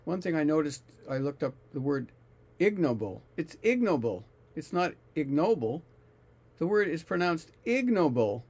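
A man's voice: fairly high pitch, lively intonation, moderate pace, a little mellow, slightly rough. A man reading scripture aloud and musing on it casually, often searching for words. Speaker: scripture reader and commentator.

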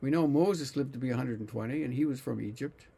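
A man's voice: medium pitch, quick pace, vocal fry, mellow, breathy edge. A man reading scripture aloud and musing on it casually, often searching for words. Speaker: scripture reader and commentator.

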